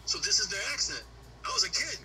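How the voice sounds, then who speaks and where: Male guest from Honduras, quick and high-pitched, blunt and profane, music underneath. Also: big pitch swings, low-quality recording. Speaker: podcast guest. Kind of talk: heated casual conversation.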